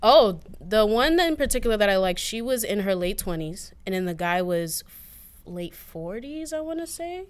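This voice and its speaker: A woman's voice: mid-range voice, sing-song, slight background noise. A young woman co-hosting a podcast, chatting in a playful, teasing way. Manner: playful, teasing, quick to laugh. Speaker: podcast co-host. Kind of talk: casual chat.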